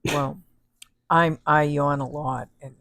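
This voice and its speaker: A woman chatting with a gravelly, creaky edge to her voice, unhurried and drawn out. She sounds tired and easygoing as she co-hosts a relaxed talk, and the sound is close and dry. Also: low-pitched, dry recording. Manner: tired, yawning. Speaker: co-host. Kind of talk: casual chat.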